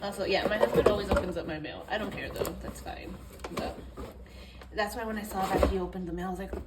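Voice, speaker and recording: A young woman chats casually at home while unboxing for a vlog, excitable and talkative, swearing freely and dropping to near-whispers. Her medium-pitched voice is brisk, and the recording is very noisy.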